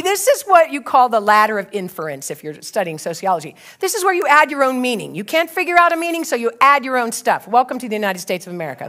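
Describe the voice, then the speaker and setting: A woman's voice: on the high side, a bit bright. A woman in her sixties, a pastor, telling a funny story in a sermon and acting out her own part with laughter. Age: 60s.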